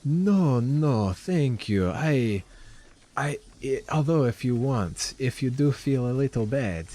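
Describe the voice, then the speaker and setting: A man's voice: medium pitch, animated, takes it slowly, mellow. A man voicing an eager, anxious woman shopkeeper with a put-on accent, stammering and gushing in a tabletop game. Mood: bashful. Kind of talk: tabletop role-play voice.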